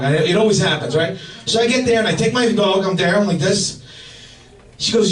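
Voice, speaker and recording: High-voiced, profane stand-up comic. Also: male voice, a little fast. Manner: profane, excitable storytelling. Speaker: stand-up comedian. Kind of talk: stand-up comedy set. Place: comedy club stage. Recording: roomy live club sound from a distance. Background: audience laughter.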